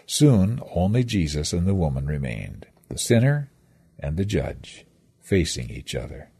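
A man's voice: very deep voice, big pitch swings, a little slow, creaky, dark tone, husky. A man reading a scripted devotional that retells scripture stories with reflective, dramatic storytelling. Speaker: devotional speaker.

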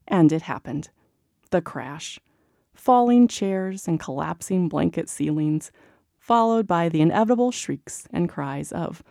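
A woman narrates a magazine article with expressive storytelling. Her voice sits low with a gravelly, creaky edge and a dark, mellow tone. The sound is close and dry. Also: no echo.

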